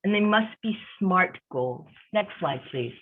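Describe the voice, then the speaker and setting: A woman with a low, husky voice and lively intonation speaks unhurriedly while giving an online career coaching workshop. She's emphatic and conversational, repeats her key points, and is recorded with tinny, phone-like sound.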